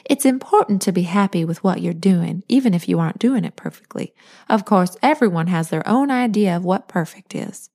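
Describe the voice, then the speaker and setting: A woman's voice: on the low side, expressive, a little fast, a little mellow. A woman voicing an elegant, self-assured older grandmother who speaks emphatically and gives firm orders. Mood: self-approving. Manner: emphatic, bossy.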